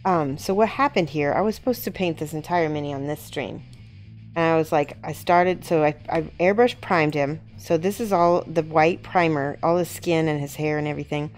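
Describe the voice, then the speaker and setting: A woman host chatting excitedly on a live stream as she shows off a miniature she is painting. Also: low-pitched, normal speed, soft background music. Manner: chatty and excitable, often laughing. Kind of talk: casual live-stream chat.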